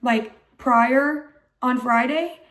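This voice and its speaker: A young woman with a hoarse voice tells a story for her vlog in a high voice. She talks in an excited, chatty way and says "like" all the time. Her voice is still rough and not fully recovered. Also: drawn-out words. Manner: excited, chatty, heavy use of "like". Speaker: vlogger.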